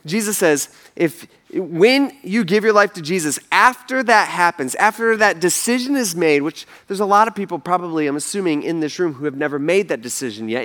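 A man's voice: sits high, a bit bright. A man preaching a sermon in a casual, conversational, slangy way, telling the story with animation. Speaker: pastor.

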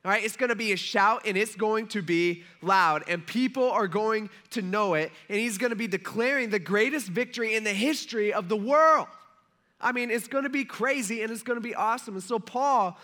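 A man giving a casual sermon, telling a Bible story in a chatty, animated way, swinging from loud emphasis to hushed asides. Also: high-pitched, a little fast. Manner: conversational, animated storytelling with voiced characters. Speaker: preacher.

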